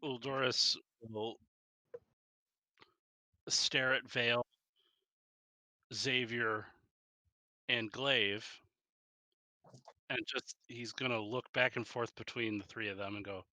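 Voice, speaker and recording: A man's voice: medium pitch, steady tone, takes it slowly, pauses often, bright, forceful tone, no room sound, rough recording. A man playing in a tabletop game, joking around in casual chat. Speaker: player.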